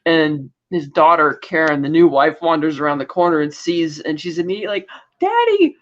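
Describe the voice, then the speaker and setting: Speaking fairly quickly in a low, steady voice, this podcast co-host casually recaps a TV episode. She performs lines from the scenes herself, captured on dull lo-fi audio.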